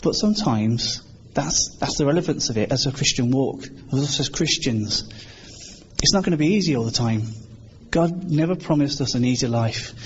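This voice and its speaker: A British man with a voice on the high side preaches an informal sermon, speaking earnestly and conversationally and performing the voices he quotes. There's a faint hiss in the background, and the recording sounds somewhat dull.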